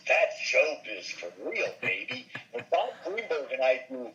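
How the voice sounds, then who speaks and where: An older voice actor and comedian tells show-business stories in an interview, animated and slipping into character voices. He speaks at medium pitch and a measured pace with hardly any pauses, and the audio has its highs cut off.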